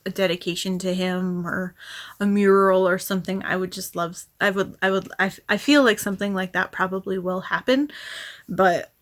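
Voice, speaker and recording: A woman vlogger rambling casually, often sighing and restarting her sentences, speaking softly and sometimes trailing into a whisper. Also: medium pitch, steady tone, moderate pace. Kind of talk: casual rambling vlog chat.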